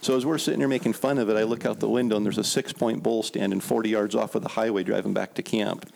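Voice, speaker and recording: A man's voice: on the low side, steady tone, fast talker, creaky, noisy background. A man guest on a podcast, telling stories in a laid-back way and laughing often. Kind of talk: casual storytelling.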